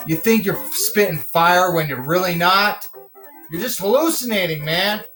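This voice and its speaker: High-voiced us guy playing a game, slow drawl, whooping and rhyming, faint music behind. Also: low-quality recording. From United States. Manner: excitable, whooping, breaks into rhymed boasts. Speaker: gamer. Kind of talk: casual gameplay commentary.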